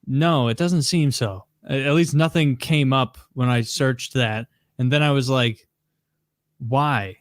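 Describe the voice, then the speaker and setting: A man with a middle-pitched voice wonders aloud in a relaxed podcast chat, reasoning his way through something that confused him. The recording is dry and close. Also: unhurried, few pauses, no room sound. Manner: musing, puzzled, talks through his own reasoning. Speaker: podcast co-host. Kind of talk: casual chat.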